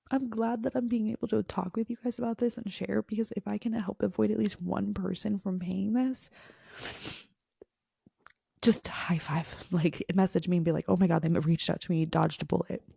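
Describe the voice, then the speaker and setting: A woman's voice: medium pitch, vocal fry, warm tone, slightly rough, no echo, clean studio sound. A woman hosting a podcast, telling a frustrated story in a casual monologue full of fillers. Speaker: podcast host.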